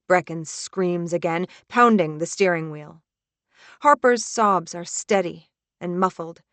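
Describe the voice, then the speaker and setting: A woman narrating a suspenseful first-person audiobook in a tense, measured reading. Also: on the low side, a bit bright, no echo.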